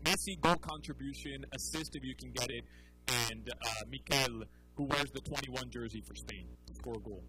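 A man talking soccer bets as a podcast guest, chatty and animated, often restarting his sentences. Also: medium pitch, moderate pace, a little hiss or hum, poor audio. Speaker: soccer betting analyst guest. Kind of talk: casual podcast chat.

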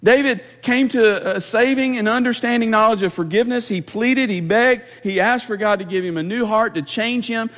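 A pastor delivers an emphatic sermon in a high, ringing voice. He stumbles over and repeats words as he presses each point home. His voice carries a long hall reverb from the church sanctuary. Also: moderate pace, few pauses, fairly bright tone.

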